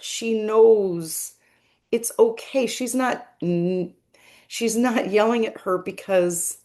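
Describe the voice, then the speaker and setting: A woman medium talking slowly and unhurriedly, her voice in a middle register. She speaks gently and earnestly, circling back over her points in a reflective monologue. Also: mid-range voice. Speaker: spiritual medium.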